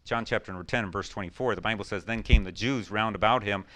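A man preaching a sermon, swinging between loud emphatic questions and quiet, low storytelling. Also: quick pace.

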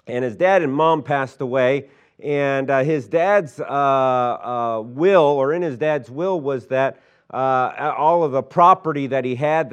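A man's voice: mid-range voice, clear, resonant tone, dull audio. A middle-aged male pastor telling a folksy story in a sermon, rambling with lots of fillers and restarts.

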